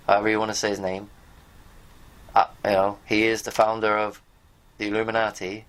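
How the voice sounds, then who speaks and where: Here a video host speaks briskly with a fairly low, slightly bright voice and a flat delivery. Reading pages on screen, he gives viewers rambling, frank commentary with some swearing mixed in.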